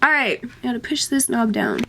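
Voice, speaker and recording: A woman's voice: fairly high pitch, brisk, noisy background. Jittery young woman psyching herself up. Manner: nervous, swearing, talking herself into it. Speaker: vlogger. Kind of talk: casual vlog talking to camera. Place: home utility space by a water heater.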